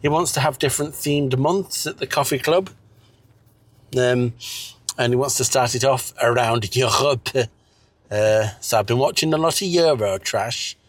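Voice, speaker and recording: A man's voice: medium pitch, no echo, lightly acted. A man voicing a sleepy, mumbling man who fakes a clumsy French accent, full of hesitations. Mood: droning. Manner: slow and mumbling, with many hesitations.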